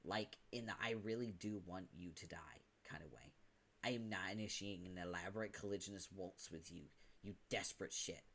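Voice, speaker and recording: In a dramatic webcomic reading, a man voices a foul-mouthed teenage troll boy who rants and hurls insults in a lowish, fairly bright voice. The pace is brisk and the mood scornful, with every line a furious jab and a temper that never cools.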